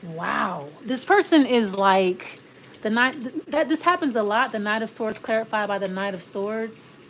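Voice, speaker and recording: A woman's voice: mid-range voice, expressive, a little slow, fairly bright tone, a little hiss or hum. Rambling woman giving a tarot reading. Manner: rambling, restarts often, acts out quoted exchanges. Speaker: tarot reader. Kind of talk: casual tarot reading monologue.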